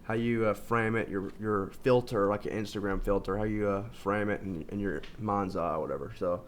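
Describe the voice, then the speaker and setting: A man's voice: lowish voice, steady tone, moderate pace, slight background noise. A man talking casually in a rambling self-help monologue, full of fillers and restarts. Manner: informal, says "like" constantly. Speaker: video host.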